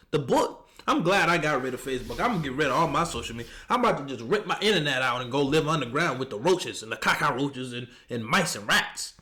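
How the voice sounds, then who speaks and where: Guy roasting a clip he's watching, loud and mocking, voice all over the place. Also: fairly quick. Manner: animated, mocking, jumps into high squeals. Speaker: reaction commentator. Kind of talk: comedic reaction commentary.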